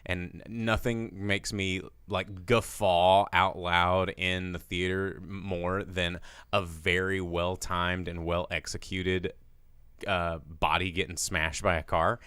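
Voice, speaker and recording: A man co-hosting a casual movie review podcast, talking excitedly, swearing and acting out scenes in shrill put-on voices. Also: takes it slowly, smooth, dry recording, studio quality. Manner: animated, swearing, acts out characters with big pitch jumps. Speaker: podcast co-host.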